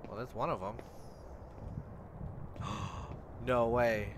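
A man's voice: medium pitch, lively intonation, normal speed, noisy background. A man giving casual let's-play commentary on a horror game, talking to himself and swearing when startled. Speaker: gamer playing a horror game.

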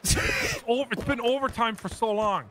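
A young Irish man streaming a game with friends, competitive and shouting curses at his teammates. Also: very high voice, a little fast, a little hiss or hum. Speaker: gamer. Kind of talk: live-streamed gameplay chat.

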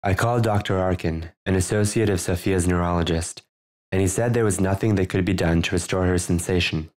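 Deep-voiced male author reading his own audiobook, measured and earnest. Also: fairly even intonation, darkish tone. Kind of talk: audiobook narration.

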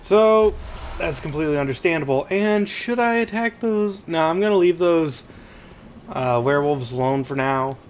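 High-voiced chatty gaming man. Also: expressive, moderate pace, a little hiss or hum. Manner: chatty, rambling, yelps when panicked. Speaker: let's play host. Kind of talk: gameplay commentary. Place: at home.

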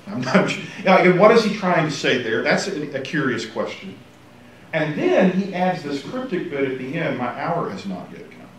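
A man teaching a casual Bible class, animated and joking, acting out quotes. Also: medium pitch, recorded from a distance. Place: church classroom. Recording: echoey room, faint hiss.

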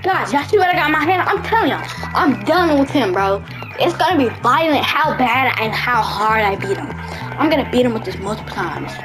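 High, animated woman yelling at a game. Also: fairly quick, low-quality recording. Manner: excitable, trash-talking, shouts at the game. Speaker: gaming video creator. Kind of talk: excited gameplay commentary. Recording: loud game music underneath.

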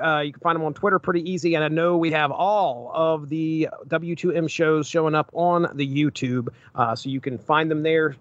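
A man's voice: on the high side, a bit bright, no echo. A man co-hosting a podcast in casual chat, easygoing, giving brief replies and reading the show's plugs. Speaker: podcast co-host. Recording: dry, dull lo-fi sound.

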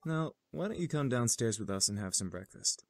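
A courteous young incubus who talks in formal, gentle tones. The voice is dry and close, as in a game studio recording. He sounds even and kind. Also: mid-range voice, brisk, gravelly, dry recording. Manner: formal, courteous, calls her miss. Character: polite gentle male incubus, courteous and calm.

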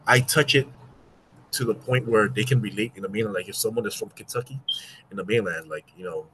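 A man's voice: lowish voice, fairly quick, background noise. A man with an American Samoan accent, a podcast guest chatting casually in a laid-back, slangy way. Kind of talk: casual chat.

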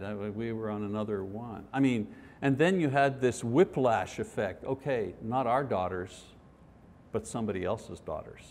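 A middle-aged man leading a Bible study lesson, talking earnestly in a conversational way and reading scripture aloud. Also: lowish voice. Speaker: Bible teacher. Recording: long reverb of a hall.

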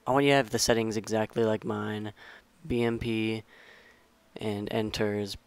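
Young man, low voice, flat delivery, smooth clear tone, rambling tutorial talk, self-corrections. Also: normal speed, dry recording. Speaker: tutorial maker. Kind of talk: casual screen-recorded game tutorial.

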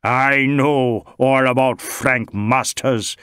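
A man's voice: mid-range voice, fairly even intonation, takes it slowly, a bit bright, smooth, no echo, studio quality. A man voicing a tall, scornful man who tries to bribe a police inspector, wheedling and contemptuous by turns.

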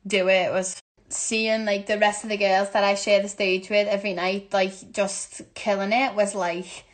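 A young woman with a Liverpool accent chats away into her phone camera. She is bubbly and quick to mock herself, answering fan questions with frequent laughs in a loose, casual way. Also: medium pitch, flat delivery. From Liverpool, England. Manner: chatty, bubbly, self-mocking, laughs often. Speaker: musical theatre actress. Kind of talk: casual Q&A chat.

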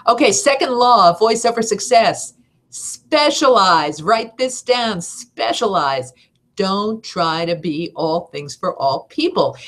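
Energetic middle-aged woman teaching voice-over. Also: fairly low pitch. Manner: energetic, emphatic, upbeat. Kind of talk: seminar talk.

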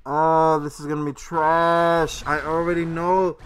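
A young man hosting a mobile game channel, giving casual, excitable commentary while pulling summons, swearing often and swinging from gloomy muttering to shouting. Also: on the high side, a little slow, few pauses, a little hiss or hum.

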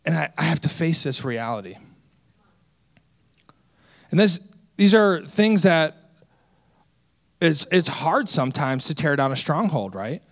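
A man in his twenties, a senior associate pastor, preaching a sermon with lively self-deprecating stories. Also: a little high, a little slow, vocal fry, long pauses. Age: 20s. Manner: energetic, storytelling with self-deprecating humor.

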